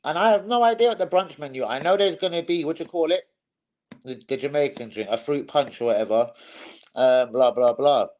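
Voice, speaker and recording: A man's voice: fairly high pitch, brisk, a little mellow, muffled recording. A young man hosting a casual live stream, swearing freely and calling his viewers "bros".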